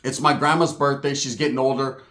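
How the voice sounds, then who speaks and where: A man's voice: mid-range voice, little pitch movement, brisk, fairly bright tone, roomy sound. A man from Southern California telling a long, profane, rambling story on stage, often tagging his lines with "right?". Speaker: stand-up comedian. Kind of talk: stand-up storytelling.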